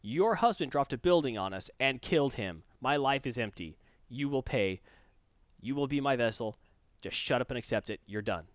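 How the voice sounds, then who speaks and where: Brief: man voicing a vengeful symbiote villain, low, flat and threatening, dry sound. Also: moderate pace, no room sound, lo-fi sound, natural voice. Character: menacing alien symbiote, vengeful and cold.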